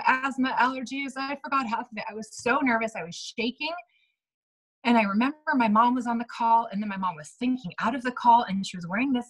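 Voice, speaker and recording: A breathy woman in her thirties gives a motivational talk to her team. She talks in a loose, chatty way, scattering "like" and "right?" through her sentences and acting out little bits of dialogue as she tells her stories. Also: mid-range voice, rough recording. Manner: chatty, lots of "like" and "right?", acts out quoted dialogue. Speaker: team leader speaking to her sales team.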